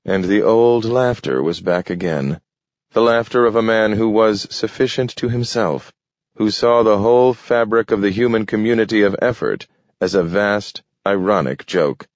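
A man reads a story aloud in a steady, measured way, his voice very low and deep. The sound is dry, with no room, and a little muted at the top. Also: no echo. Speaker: narrator. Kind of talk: scripted audiobook narration. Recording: dull, dry studio read.

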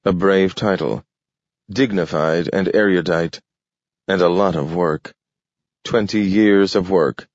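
A man narrating an audiobook story in a measured, descriptive manner, in a dull lo-fi recording. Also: sits low, no room sound. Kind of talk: scripted narration.

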